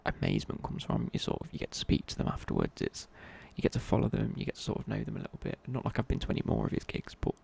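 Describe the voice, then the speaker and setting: Gravelly whispering man, whispered ASMR chat. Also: on the low side, wildly swooping pitch, fast talker, few pauses, mellow, slight background noise. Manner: rambling, casual, many fillers and restarts. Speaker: ASMR creator.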